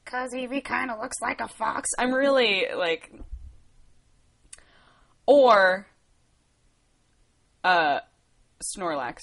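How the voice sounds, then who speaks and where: A woman's voice: a little high, extremely slow, creaky, pauses often, a bit bright. A woman in her twenties from the United States, chatting casually on a livestream, rambling and laughing as she answers viewer questions. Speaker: livestream host.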